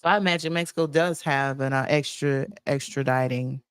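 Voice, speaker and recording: A woman co-hosting a podcast in casual chat, chatty and often laughing, growing animated as she talks. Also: very deep voice, fairly quick, smooth, no room sound, clean studio sound. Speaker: podcast co-host.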